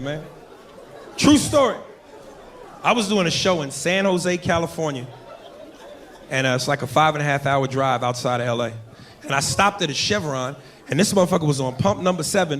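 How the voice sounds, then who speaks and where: A man performing a loud, brash stand-up comedy set on a club stage, breaking into shouted sound effects. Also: fairly high pitch, animated, normal speed, some chatter behind. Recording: roomy live club sound with audience noise.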